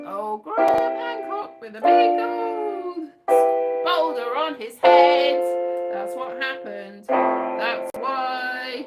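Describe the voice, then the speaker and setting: A woman chatting casually in a rambling, jokey way, often laughing and restarting her sentences. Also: sits high. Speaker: host. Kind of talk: casual chat.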